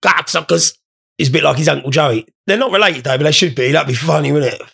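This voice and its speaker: Rambling, gravelly stoned guy. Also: a little high, quick pace, bright, forceful tone. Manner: rambling, swearing, joking. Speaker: podcast host. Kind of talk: casual podcast chat.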